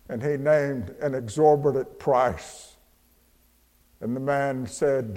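Slow preacher in a reverberant hall. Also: male voice, mid-range voice. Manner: swings from hushed, slow storytelling to soaring, shouted proclamation. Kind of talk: sermon.

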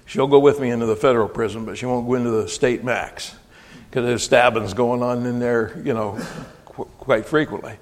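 A male preacher giving a folksy, emphatic sermon, often rising to near-shouting when he quotes scripture. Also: medium pitch, steady tone, moderate pace. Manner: folksy, with frequent restarts and asides. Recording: long hall reverb.

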